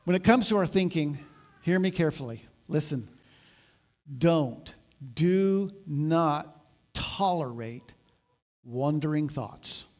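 A man preaching a sermon, moving between loud emphatic exhortation and calm explanatory teaching. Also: fairly high pitch, takes it slowly, pauses often. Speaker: pastor.

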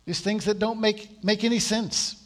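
A man's voice: sits high, fairly even intonation, normal speed. A man preaching a sermon in a conversational, storytelling way, acting out the voices of the people he quotes. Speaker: pastor.

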